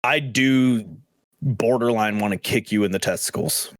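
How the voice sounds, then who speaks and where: A young man co-hosting a podcast in casual chat, loud and profane, laughing as he tells stories. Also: mid-range voice, moderate pace, no room sound, studio quality. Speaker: podcast co-host.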